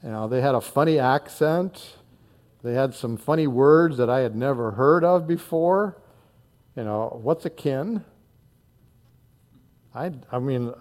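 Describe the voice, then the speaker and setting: A pastor in his sixties from northern Indiana preaches a sermon in an earnest, conversational manner, full of fillers and repeated words. His voice sits at medium pitch and is a little mellow.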